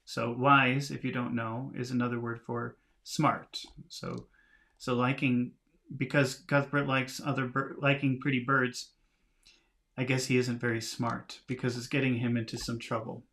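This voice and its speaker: A man's voice: medium pitch, flat delivery, measured pace, creaky, a bit bright. A man teaching English, reading a storybook aloud and patiently explaining its words with small laughs, streaming live from home.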